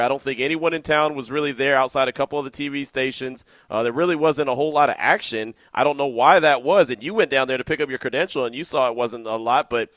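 A man's voice: medium pitch, fairly bright tone, dry recording. A man hosting a sports radio show, telling stories in a loose, chatty, slangy way. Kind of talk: casual radio chat.

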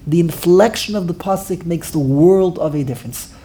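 A man teaching a Talmud class, animated and exclamatory, full of rhetorical questions. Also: fairly high pitch, moderate pace, a little hiss or hum.

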